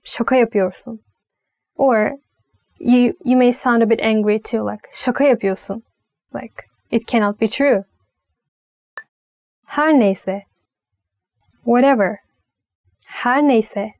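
Slow-paced woman teaching language phrases. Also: fairly high pitch, steady tone, a little mellow, no room sound, studio quality. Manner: slow, careful phrase-by-phrase teaching with light laughs. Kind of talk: online language lesson.

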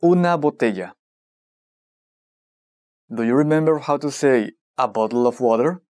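A narrator running a scripted language lesson, prompting the listener and modelling each word slowly and deliberately. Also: medium pitch, expressive, a little mellow.

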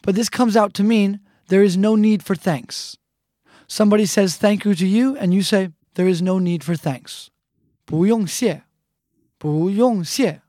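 A woman teaching a language lesson, saying phrases slowly and repeating them with care. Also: medium pitch, mellow, no echo, studio quality. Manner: slow, deliberate repetition of phrases.

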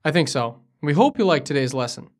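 A man's voice: fairly high pitch, very animated, fairly quick. Man co-hosting a language lesson. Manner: curious learner asking for examples. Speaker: co-host. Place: studio in Beijing.

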